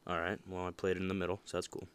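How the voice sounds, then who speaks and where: A young man hosting a casual motivational podcast, talking in an animated, emphatic way and laughing often. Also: deep voice, rapid-fire, very noisy. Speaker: podcast host.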